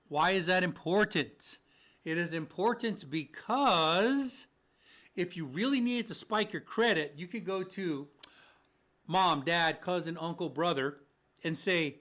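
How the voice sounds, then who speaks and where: A man's voice: high-pitched, measured pace, a bit bright. A man co-hosting a mortgage talk show, answering listener questions in a casual, joking way and slipping into mock voices for lenders. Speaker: mortgage podcast co-host.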